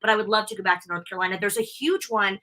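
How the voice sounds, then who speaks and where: An American woman guesting on a wrestling podcast, gushing through stories in an excited, chatty way over a video call. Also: mid-range voice, racing. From United States. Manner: bubbly, gushing storyteller. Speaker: wrestling interviewer and convention host. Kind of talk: excited casual interview chat.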